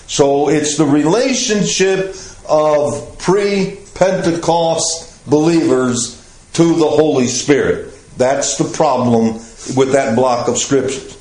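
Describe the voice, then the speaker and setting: An older man teaching a Bible class, explaining passages in a slow, measured way. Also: fairly high pitch, darkish tone. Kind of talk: Bible study lecture. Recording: echoey room.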